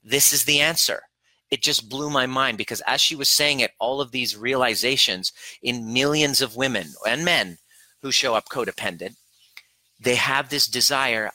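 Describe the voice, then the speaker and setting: A man's voice: medium pitch, animated, normal speed, pushed and bright, dry recording, poor audio. A man working as a relationship coach who speaks earnestly and emphatically, retelling a client session in quoted dialogue and addressing the listener directly. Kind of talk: coaching talk to camera.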